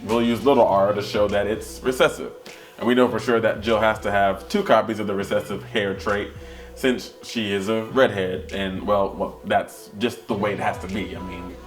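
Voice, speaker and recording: A man vlogging to camera, explaining things in a casual, playful and self-deprecating way. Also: on the low side. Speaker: family vlogger.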